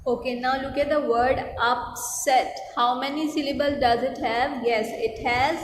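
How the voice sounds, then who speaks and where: A woman explains spelling rules in a recorded online lesson. She repeats herself patiently and mixes in Hindi-Urdu. Her fairly high voice rings in a roomy, reverberant space with a faint hum underneath. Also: steady tone, a little slow. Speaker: online English teacher. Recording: echoey room with hum.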